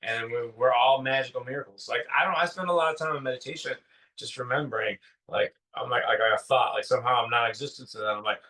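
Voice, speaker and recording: A man's voice: medium pitch, fast talker, pushed and bright. A man in his fifties, co-hosting a casual spiritual conversation, rambling with enthusiasm and full of fillers. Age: 50s. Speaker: podcast co-host. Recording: distant from the mic.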